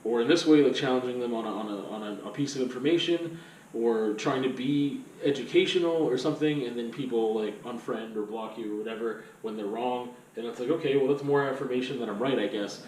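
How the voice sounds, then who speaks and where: A man's voice: medium pitch, brisk, darkish tone, reverberant, recorded from a distance, a little hiss or hum, low-quality recording. A man vlogging in a rambling, casual monologue full of fillers and loose asides.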